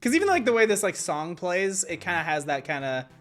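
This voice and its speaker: A man's voice: high-pitched, big pitch swings, brisk, fairly bright tone, faint music behind. A man streaming a game, musing casually in a rambling way full of fillers. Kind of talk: casual chat.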